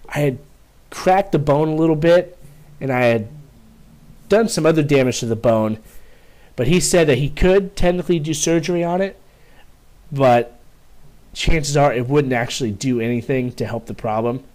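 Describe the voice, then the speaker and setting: A man's voice: fairly high pitch, moderate pace, pauses often, a little mellow. A young man telling a story casually to camera, rambling with restarts and frequent swearing. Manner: rambling, profane, many restarts. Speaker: vlogger.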